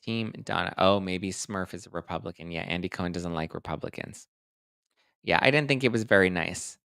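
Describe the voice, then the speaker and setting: A man in his thirties hosting a casual livestream, chatting quickly and reading viewer comments aloud. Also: low voice, vocal fry, smooth, dry recording, studio quality. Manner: chatty, animated, reads live chat aloud. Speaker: host.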